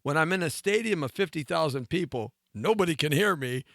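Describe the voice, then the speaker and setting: A man's voice: on the high side, animated, fairly quick, fairly bright tone, no echo, clean studio sound. A middle-aged man hosting a live talk show, joking and teasing himself and his cohost in a playful way. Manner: playful, self-mocking, banters with cohost. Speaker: radio show host.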